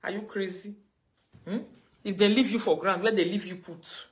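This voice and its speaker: A Nigerian woman ranting on a livestream, mocking and scolding, her voice swinging between loud outbursts and low mutters. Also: fairly even intonation, moderate pace. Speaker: livestream host. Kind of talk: casual livestream rant.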